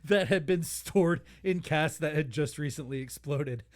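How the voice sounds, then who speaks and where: A man's voice: a little high, unhurried. A man co-hosting a comedy podcast, telling a history story in a casual, laughing way with goofy voices. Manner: animated, laughing, puts on silly voices. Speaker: podcast co-host.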